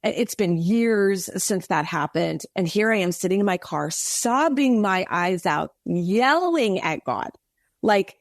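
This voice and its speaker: Female podcast guest, mid-pitched voice, earnest and animated, dry close recording. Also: measured pace, hardly any pauses, no room sound. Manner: earnest, animated storytelling with many restarts. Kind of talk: faith testimony in casual interview.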